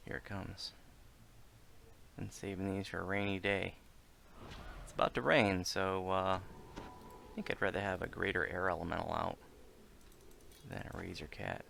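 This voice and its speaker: A man's voice: sits low, measured pace, creaky, pauses often. A man casually narrating his own moves in let's play commentary. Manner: casual, chatty, self-narrating. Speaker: gaming video creator. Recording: steady background noise.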